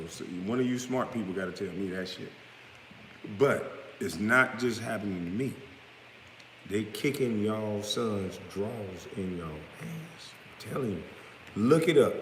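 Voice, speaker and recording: A man in his thirties ranting bluntly to camera, swinging from low mutters to loud outbursts. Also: a little hiss or hum. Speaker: vlogger. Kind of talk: profane rant to camera. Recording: echoey room with long reverb.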